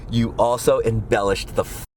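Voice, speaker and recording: A man's voice: medium pitch, steady tone, moderate pace, darkish tone, a little hiss or hum, poor audio. A man chatting casually with a friend while driving, telling a story with a laugh. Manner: chatty, laughs, swears offhand. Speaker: vlogger host. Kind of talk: casual chat.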